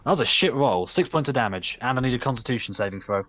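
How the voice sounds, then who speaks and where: A man's voice: medium pitch, expressive, quick pace, fairly bright tone, a little hiss or hum. A man running a tabletop game as game master, teasing players and narrating combat vividly.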